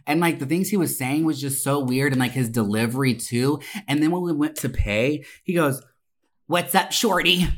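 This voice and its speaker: A young adult podcast co-host telling a story in a casual, profane, animated way, swearing oaths for emphasis. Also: medium pitch, normal speed, hardly any pauses.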